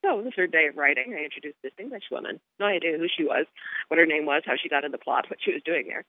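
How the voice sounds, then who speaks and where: Quick, chatty woman novelist on a phone line. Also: low-pitched, dry recording. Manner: chatty, amused storytelling. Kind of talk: interview recollection and reading.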